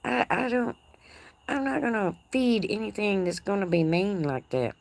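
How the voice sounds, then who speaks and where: A woman's voice: medium pitch, normal speed, creaky. A woman with a Texas accent hosting a casual live chat from her porch, reading viewer comments in a folksy, teasing way and laughing often. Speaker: livestream host. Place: outdoor porch. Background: crickets.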